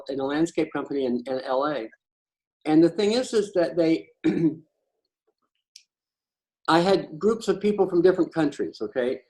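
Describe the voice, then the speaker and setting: A man's voice: on the high side, darkish tone, low-quality recording. A man talking in a casual, conversational storytelling style, blunt and profane, often stammering and restarting his sentences. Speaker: patio chat host.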